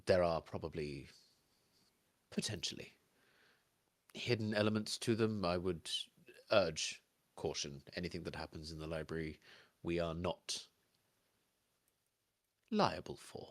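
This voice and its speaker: Man playing a formal library clerk, very low voice, dry close sound, polite and careful. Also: steady tone, unhurried, pauses often, no echo. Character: fussy male library clerk, businesslike.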